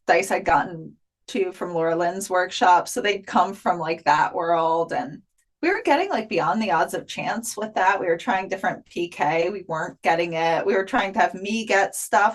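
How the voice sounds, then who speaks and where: A woman's voice: lowish voice, normal speed. A woman being interviewed as an afterlife researcher, telling her experiences in a chatty way with many fillers. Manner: chatty, frequent filler "like", animated retelling. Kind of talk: casual interview storytelling.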